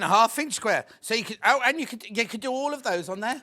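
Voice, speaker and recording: On a TV shopping channel's live broadcast, a British man delivers sales patter from the studio in a fairly high voice whose pitch swings widely. He chats, counts down the remaining stock and teases the crew, sounding excitable and talkative. He talks fast and barely pauses.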